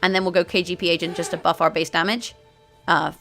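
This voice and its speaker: Over faint background music, a gaming video host plays through a card game, chatting to viewers about strategy and frequently correcting herself mid-sentence. She speaks quickly in a lowish, sharp-toned voice with a flat delivery.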